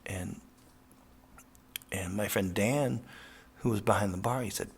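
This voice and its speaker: A professional skateboarder telling a casual, profane, rambling story with lots of fillers. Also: male voice, on the low side, a little slow, vocal fry, breathy edge.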